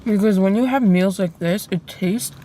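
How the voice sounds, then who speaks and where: A woman speaks to her camera from a parked car, pausing between bites to chat in an unhurried, conversational way. Her voice sits at an ordinary pitch for a woman. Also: dark tone, a little hiss or hum. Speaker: mukbang video creator. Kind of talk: casual eating vlog.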